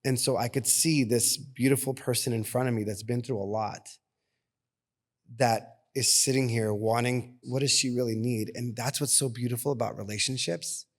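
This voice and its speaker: A man co-hosting a podcast, telling a personal story in an earnest, animated way. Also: medium pitch. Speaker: podcast co-host. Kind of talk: casual podcast conversation.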